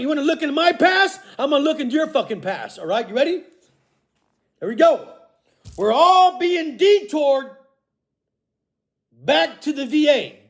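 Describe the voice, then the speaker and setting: In this angry confrontational piece, a male vlogger rants with profanity and accusations, moving from shouts to low mutters. He keeps tacking on "okay?" and "all right?" at the ends of lines.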